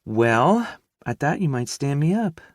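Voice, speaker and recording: A man's voice: medium pitch, very animated, no room sound, clean studio sound, voice pushed up. A man voicing a teasing, affectionate middle-aged mother with a Southern drawl. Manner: drawn-out, playful teasing.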